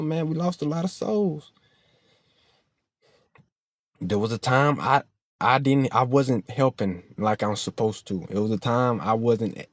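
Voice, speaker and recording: Mid-range in pitch with a darkish tone and no room sound, the man gives a heated talk straight into the camera. He curses openly, moralizes with feeling, and sounds nearly tearful.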